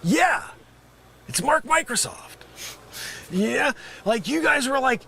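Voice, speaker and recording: A man improvising a comedy sketch as a fake phone scammer, insulting his caller, swinging from shouting to muttering, in a put-on New York accent. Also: very high-pitched, expressive, slow pace, creaky, pauses often, husky.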